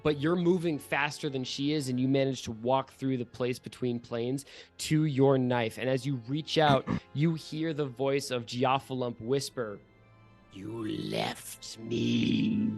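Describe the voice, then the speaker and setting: A man running a tabletop game as game master, giving vivid, profane narration with quick rules asides over a home microphone. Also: mid-range voice. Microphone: home microphone for an online session.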